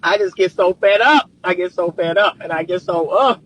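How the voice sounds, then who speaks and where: A man's voice: high voice, normal speed, a bit bright, dull audio. A man working as a relationship coach and counselor, talking casually and passionately to viewers while he gets riled up. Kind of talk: casual livestream talk to viewers. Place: in a car, driving.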